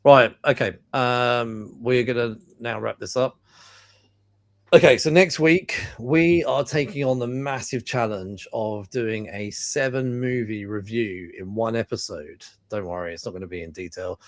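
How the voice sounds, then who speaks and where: A man's voice: mid-range voice, steady tone, measured pace, no room sound. Chatty London man hosting a podcast. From England. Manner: chatty, laughs often, many fillers and restarts. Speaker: podcast host. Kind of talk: casual podcast chat.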